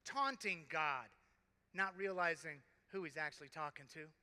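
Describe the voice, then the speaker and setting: A man preaching as a deacon at a youth conference, impassioned with dramatic pauses. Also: fairly high pitch, bright, forceful tone, smooth. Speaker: deacon and keynote speaker. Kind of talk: sermon. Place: large conference arena. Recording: big hall reverb.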